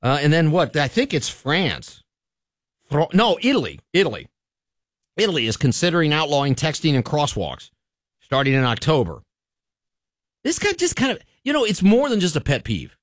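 A man hosting a radio talk show, talking in an opinionated, animated way with frequent restarts. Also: on the high side, normal speed, long pauses, no echo, clean studio sound. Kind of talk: casual radio chat.

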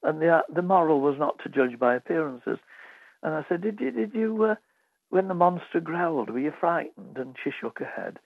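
A man's voice: a little high, normal speed, vocal fry, no room sound. Man telling funny stories on a radio show, voice swoops all over, crackly phone-line sound, dry. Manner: lively anecdotal, acts out voices of children and teachers. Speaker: author guest. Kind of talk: storytelling anecdotes on radio.

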